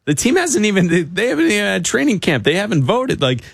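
A man's voice: high voice, big pitch swings, fast talker, gravelly, slightly rough, dry recording, clean studio sound. A man hosting a casual sports talk show, breaking down football news in a conversational, analytical way.

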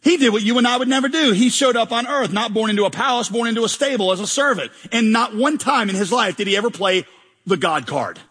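A man delivers a lively sermon with a bright, high voice that carries a husky edge. He jokes and acts out mock prayers. His voice rings through a large church hall with a long reverb. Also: fast. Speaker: pastor.

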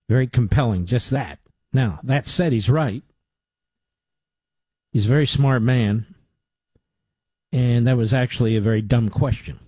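A male radio host delivering commentary into a studio microphone. His voice is mid-pitched and the room sounds dry and close. He talks emphatically, pressing his points with urgency. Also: dark tone, husky, no room sound. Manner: emphatic, rising to urgent exhortation.

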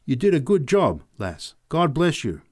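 A man's voice: a little high, very animated, measured pace, darkish tone, pitched above the performer's own voice. A man voicing a big, coarse, bossy woman who talks bluntly. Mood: hearty. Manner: blunt, coarse working-class talk.

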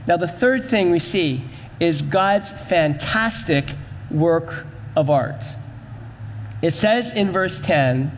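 A man's voice: on the high side, animated, slow, in a large hall, slight background noise. A man pastor preaching a sermon in a church, with rhythmic, repetitive emphasis.

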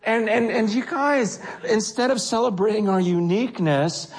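A man preaching a sermon in a conversational, animated way, often acting out quotes. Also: high voice, moderate pace, husky. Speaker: pastor.

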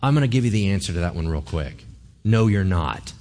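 A man's voice: low-pitched, lively intonation, a little fast, darkish tone. A man, a pastor, giving a sermon in a conversational, joking way, often asking the congregation questions.

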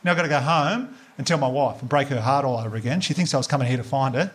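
An Australian man in his thirties doing a stand-up comedy set, telling a story quickly and acting out the dialogue. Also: fairly high pitch. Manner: fast storytelling with acted-out dialogue. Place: live comedy venue before an audience.

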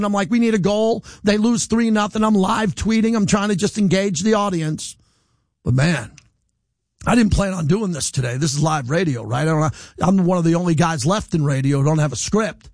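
Brief: male sports radio host, middle-aged, lighter high voice, defiant unscripted rant, dry studio sound. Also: no echo. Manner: animated, defiant, rambling without a script. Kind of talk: live radio monologue. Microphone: studio microphone.

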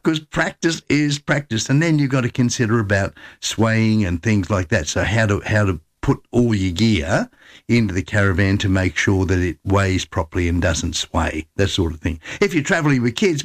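An upbeat, chatty Australian man hosting a radio show and giving travel tips. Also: medium pitch. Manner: chatty and upbeat, with repeated restarts. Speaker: radio host. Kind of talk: casual advice and radio presenting.

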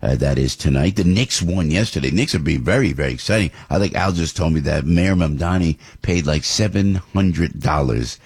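A middle-aged man hosting a morning talk radio show, rambling and excitable, his voice jumping high when he gets worked up. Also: normal speed, few pauses, husky.

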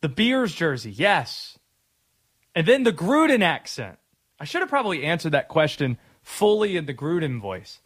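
Man, sports radio host, lively pitch, casual rambling talk. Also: normal speed, husky. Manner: rambling, stammering restarts.

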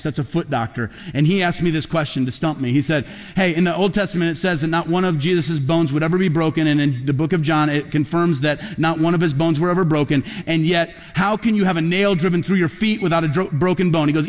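Animated preacher man in a reverberant hall. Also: a little high. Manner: animated storytelling preacher, rising to emphatic peaks. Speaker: pastor. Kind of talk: sermon.

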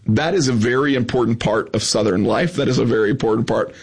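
Male host, husky voice, thoughtful interviewer in casual chat. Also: medium pitch, quick pace. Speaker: podcast host.

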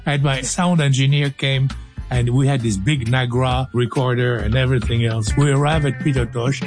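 A man's voice: mid-range voice, steady tone, moderate pace, over music. An older man hosting a radio show, clowning through studio outtakes in a playful, joking way. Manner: playful, clowning, breaks into silly singing and laughs.

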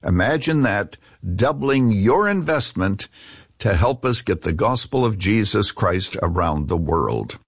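Man, pastor-host, lively pitch, husky, dry studio, soft music under. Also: a little slow, dry recording. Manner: warm direct address, reads out contact details carefully. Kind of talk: fundraising appeal to listeners.

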